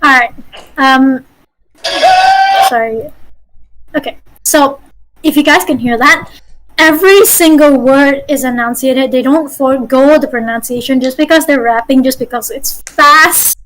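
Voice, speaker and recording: A woman's voice: high voice, unhurried, fairly bright tone, poor audio. A woman game master giving a chatty online voice-acting workshop over a video call. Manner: chatty, with apologies and restarts.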